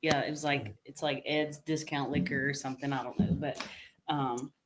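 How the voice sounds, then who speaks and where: A woman's voice: a bass voice, steady tone, moderate pace, a little hiss or hum. A woman guest on a casual podcast, making brief, laid-back remarks.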